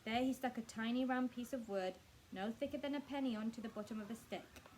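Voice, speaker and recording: A woman reading a children's book aloud in a staff room, expressive and speaking directly to her young listeners. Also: fairly high pitch, fairly quick, a little hiss or hum, low-quality recording. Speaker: storyteller.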